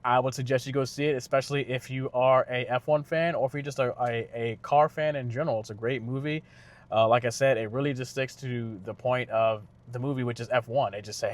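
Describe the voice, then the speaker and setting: A man giving a casual spoken movie review, loose and conversational with lots of fillers and restarts. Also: mid-range voice. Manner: slangy retelling with quick impressions of characters. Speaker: car channel vlogger reviewing a film.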